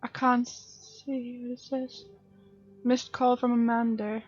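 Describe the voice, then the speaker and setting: A woman with a fairly high voice reacts to a story game as she plays, chatty and sympathetic. Her voice sounds dull and close, with no room around it. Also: little pitch movement, slow, no room sound. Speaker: gaming streamer. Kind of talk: let's play commentary.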